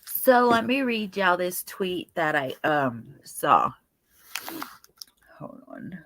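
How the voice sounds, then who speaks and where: A woman's voice: fairly low pitch, big pitch swings, fairly bright tone, dry recording. A tired young woman, hosting a casual livestream chat and greeting viewers by name. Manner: greets chatters by name, chatty and unhurried. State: tired, yawning. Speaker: livestream host.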